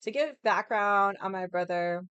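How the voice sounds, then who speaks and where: A woman's voice: mid-range voice, unhurried, a bit bright, clear, resonant tone, no echo, muffled recording. A woman vlogger in casual chat, telling a rambling story bluntly and swearing freely.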